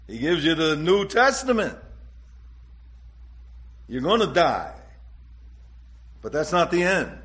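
Slow, deliberate preaching man. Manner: slow, deliberate preaching with dramatic rises and drops in pitch and loudness. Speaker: pastor. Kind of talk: sermon.

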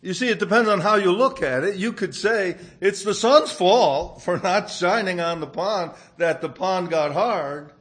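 Slow, gentle-voiced male preacher. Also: sits high. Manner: gentle, storytelling delivery. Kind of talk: sermon with storytelling.

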